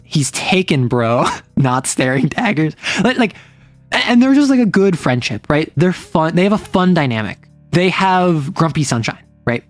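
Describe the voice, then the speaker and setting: A woman's voice: low-pitched, very animated, moderate pace, no echo, faint music behind. A woman streamer chatting casually about romance stories, rambling with lots of fillers and briefly acting out quoted lines.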